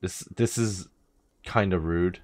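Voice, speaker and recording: A man's voice: low-pitched, slow, no room sound. A man doing casual gameplay commentary, reading game text aloud and thinking aloud with a wry manner. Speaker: let's play host.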